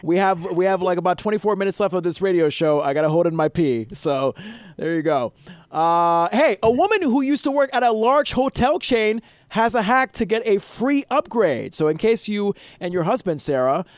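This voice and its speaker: Male radio host, tipsy and jokey, high-pitched, dry close mic. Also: animated, moderate pace, no echo. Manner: chatty, tipsy, joking. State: slightly drunk. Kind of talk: casual chat.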